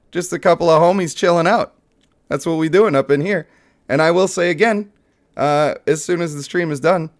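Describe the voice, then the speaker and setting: A young man hosting a live mobile game stream, joking and hyping up his pulls for chat. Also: high voice. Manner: playful, excitable, joking with chat.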